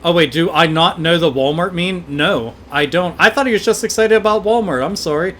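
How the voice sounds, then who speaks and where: A man streaming a game with a high, bright voice that keeps an edge to it. He rants, swears freely and jokes his way through the play. Faint background noise runs under his speech. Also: brisk. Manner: profane, excitable, joking. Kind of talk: livestream game commentary.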